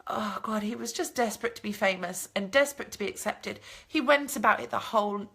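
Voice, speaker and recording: A woman vlogger chatting casually and telling an animated story, swearing freely as she answers viewer comments. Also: mid-range voice, brisk, vocal fry, breathy edge. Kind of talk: casual chat, live stream.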